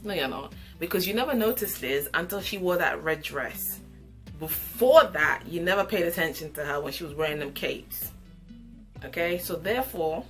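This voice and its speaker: Sassy low-voiced woman reviewer. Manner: opinionated, sassy, animated asides. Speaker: reality show reviewer. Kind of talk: casual commentary review.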